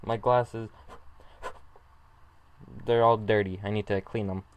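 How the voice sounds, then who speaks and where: Slow-talking man gushing over a video. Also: fairly low pitch, flat delivery, noisy background. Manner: gushing, emotional, laughs often. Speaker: YouTuber reacting to an animated short. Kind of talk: casual reaction commentary.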